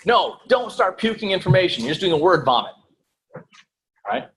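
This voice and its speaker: Man coaching a sales class, animated pitch, somewhat high voice, faint noise behind. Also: normal speed, rough recording. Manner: lively, repeats "right?" and "okay?", acts out calls. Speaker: real estate sales trainer. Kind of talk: live sales training talk.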